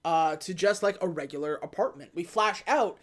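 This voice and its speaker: A woman's voice: fairly low pitch, moderate pace. A woman co-hosting a podcast, casually retelling a film's plot and acting out the characters' lines. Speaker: podcast co-host. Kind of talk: casual movie recap chat.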